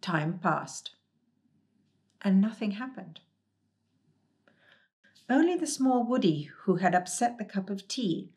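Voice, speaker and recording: A woman reading a storybook aloud in a gentle, calm and measured way. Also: medium pitch.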